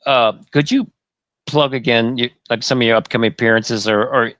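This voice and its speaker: A man hosting a radio interview who mostly listens, with quiet backchannels and laughs. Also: mid-range voice, fairly even intonation, moderate pace, dry recording, dull audio. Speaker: radio host.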